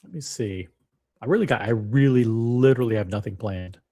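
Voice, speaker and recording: A man's voice: lowish voice, a little fast, mellow. Rambling, joking male livestream host. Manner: rambling, joking, self-deprecating. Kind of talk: casual livestream chat.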